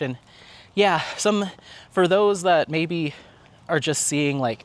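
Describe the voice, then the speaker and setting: A man's voice: a little high, normal speed. Chatty laughing man outdoors. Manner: chatty, laughs often, animated rants. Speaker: vlog host. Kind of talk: casual walk-and-talk vlog chat. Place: outdoors at a park.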